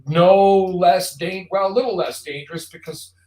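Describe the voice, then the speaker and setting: A man's voice: sits high, fairly even intonation, moderate pace, darkish tone. A man hosting a live online show, talking casually in a rambling, jokey monologue straight to the viewer. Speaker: show host. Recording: roomy echo.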